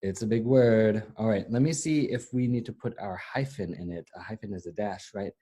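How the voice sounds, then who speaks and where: A man teaching a French vocabulary lesson, slowly repeating each word for learners and mixing in English explanations. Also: lowish voice, dark tone. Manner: slow, patient repetition of words for learners to echo. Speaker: language teacher.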